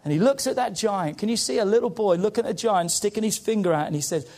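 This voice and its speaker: Male pastor, high-pitched, impassioned sermon delivery with congregation call-outs. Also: fast, a little mellow. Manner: impassioned, rising and falling preaching with call-outs.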